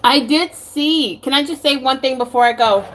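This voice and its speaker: Texan lady rambling and giggling at home, kinda high voice, swears a lot. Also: normal speed, fairly bright tone, a little hiss or hum. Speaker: vlogger. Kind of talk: casual chat. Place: home kitchen.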